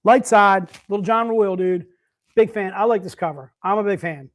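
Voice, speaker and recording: A man's voice: high-pitched, a little fast, a little mellow. A man hosting a live sales stream, chatting casually and upbeat, calling everyone "dude.". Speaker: livestream sales host.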